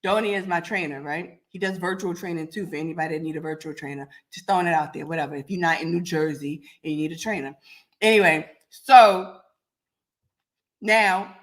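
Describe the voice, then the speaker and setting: Woman host, raspy from a cold, blunt and confrontational, talking straight to her live chat. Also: fairly low pitch, brisk. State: getting over a cold. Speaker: podcast host. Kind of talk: live-stream talk to commenters.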